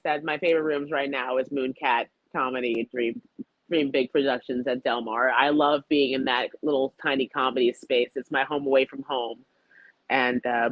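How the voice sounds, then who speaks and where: A woman's voice: deep voice, dry recording, highs cut off. A woman from New York, a chef and comedian, chatting casually as a talk show guest, rambling and self-deprecating with frequent giggles. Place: home, video call.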